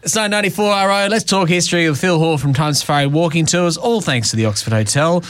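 A man's voice: on the high side, fast, a bit bright. A man with an Australian accent hosting a radio show, chatting casually with his guest. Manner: easygoing, chatty, casual banter. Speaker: radio host.

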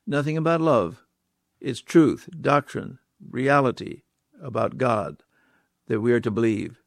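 A man's voice: mid-range voice, lively intonation, a little slow, creaky, no room sound, studio quality. A man preaching a sermon, stressing key words by repeating them and putting rhetorical questions to his listeners.

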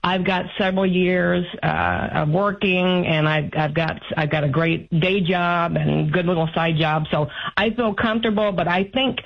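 A woman's voice: lowish voice, steady tone, moderate pace, gravelly, few pauses. A woman in her fifties calling in to an advice show, talking anxiously and rambling with restarts. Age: 50s. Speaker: caller. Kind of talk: call-in advice conversation. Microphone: phone line. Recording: muffled phone call audio.

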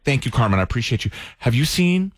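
A man's voice: medium pitch, very animated, quick pace, dry recording. A man hosting a radio show, bantering and joking with a caller. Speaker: radio host. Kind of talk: morning radio chat. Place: radio studio.

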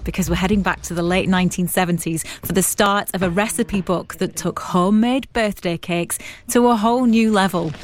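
A woman radio presenter narrating a history documentary in a crisp, lightly playful scripted style. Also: mid-range voice, steady tone, moderate pace, hardly any pauses, slight background noise. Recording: soft music beneath.

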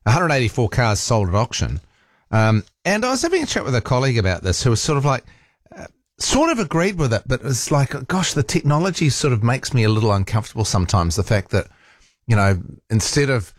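A man's voice: medium pitch, sing-song, fairly quick, dry recording, studio quality. A man with a New Zealand accent hosting a talk radio show, chatting casually and rambling with fillers and restarts. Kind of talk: casual talkback chat. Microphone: studio microphone.

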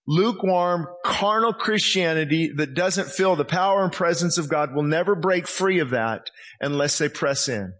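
A man preaching a passionate sermon as pastor in a church, reading scripture slowly and acting out voices. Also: fairly high pitch, fairly bright tone.

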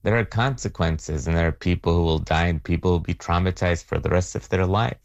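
Man, very low voice, editor answering interview questions, measured, dry sound. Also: gravelly, no echo, muffled recording. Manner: measured, with frequent restarts. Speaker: magazine editor, interview guest.

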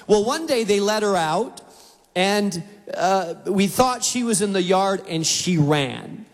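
A man preaching a sermon to a large auditorium, telling animated stories and acting out voices. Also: high voice, slow pace, long reverb tail. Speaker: pastor.

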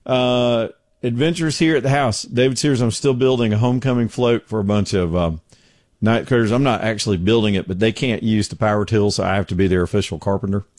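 A man's voice: on the low side, fairly quick, a little mellow, no echo, studio quality. Folksy joking man hosting a show. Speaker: radio show host. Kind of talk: casual talk show chat. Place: home studio.

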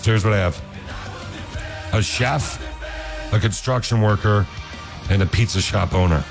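A man's voice: on the low side, unhurried, creaky, over music. A man hosting a radio show, talking enthusiastically in a casual chat style. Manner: enthusiastic, repeats praise. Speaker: radio host. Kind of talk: upbeat morning radio chat.

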